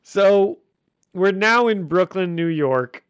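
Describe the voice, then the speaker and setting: A man's voice: high voice, expressive, takes it slowly, clean tone, no room sound, clean studio sound. A man hosting a podcast, casually recapping a comic with jokes and frequent laughs. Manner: jokey, laughs often while recapping. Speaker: podcast host. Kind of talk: casual chat.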